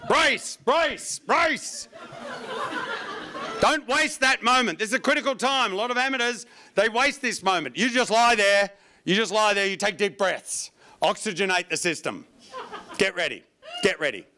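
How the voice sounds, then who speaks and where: A man's voice: high voice, a little fast, slight background noise. A man performing a stand-up comedy routine, wry and profane, telling stories with lots of energy. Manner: wry, profane, animated storytelling.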